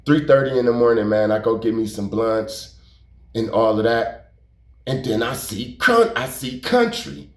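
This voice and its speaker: A man's voice: mid-range voice, lively intonation, a little slow. A man telling a story in a casual, rambling way, repeating himself, using slang and cursing for emphasis. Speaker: YouTube storyteller. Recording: roomy echo.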